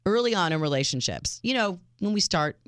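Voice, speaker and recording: A woman hosts a late-night dating call-in show with a smooth, clear voice. She keeps it chatty and playful, inviting listeners to phone in. The studio sound is close and dry. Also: lowish voice, lively intonation, brisk, dry recording. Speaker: radio show co-host. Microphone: studio microphone.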